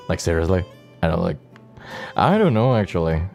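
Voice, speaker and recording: A young man from Indonesia, chatting casually and playfully as a streamer answering viewer questions, with tiny guitar music behind him. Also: vocal fry. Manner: playful, teasing, often jumps into a high excited voice. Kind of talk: casual chat. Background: faint guitar music.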